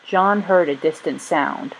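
A woman narrating a children's storybook in a gentle, steady reading voice. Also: sits low, slow, slight background noise, poor audio. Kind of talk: storybook read-aloud.

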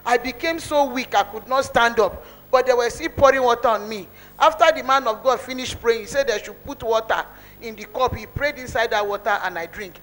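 High-voiced woman giving church testimony. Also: fairly quick, low-quality recording. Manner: earnest, repetitive, emotional storytelling.

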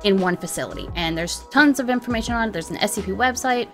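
A woman's voice: medium pitch, quick pace, a bit bright, faint music behind. A woman co-hosting a casual gaming chat on a headset mic, reading game text aloud and laughing often. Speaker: co-host gamer.

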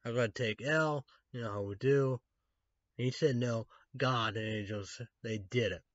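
A man's voice: medium pitch, moderate pace, dry recording. A man vlogging in a rambling casual monologue, repeating filler phrases and swearing in disbelief. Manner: rambling, repeats "you know", swears when outraged. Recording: dull lo-fi dry sound.

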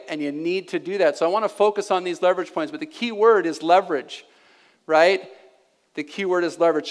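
A man giving a live seminar talk to an audience, energetic and forever tagging his points with "right?". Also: a little high. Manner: energetic, keeps asking "right?". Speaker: seminar presenter. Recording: long hall reverb.

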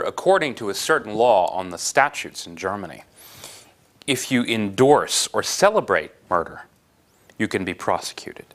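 A man lecturing to a university class, his pitch rising and falling in a lively, animated way. He poses wry questions to his students and reads a philosophical passage aloud with dramatic flair. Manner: lively, dramatic reading of quotes.

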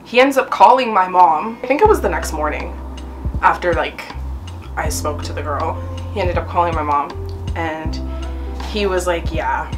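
A young woman telling a casual story-time vlog, chatty and full of fillers and swearing, a little high. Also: normal speed, over music. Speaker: vlogger.

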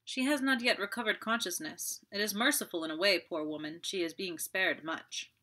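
A woman's voice: mid-range voice, moderate pace, bright, forceful tone. A woman voicing a fussy, self-satisfied older French magistrate in an audiobook, pompous and prone to sighing.

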